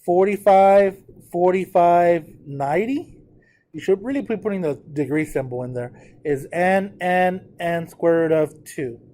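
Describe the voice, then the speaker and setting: A male teacher lecturing his class on math, chatty, checking in with the students often and slowing down to dictate the numbers. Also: high voice, mellow. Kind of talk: classroom lecture on trig notes.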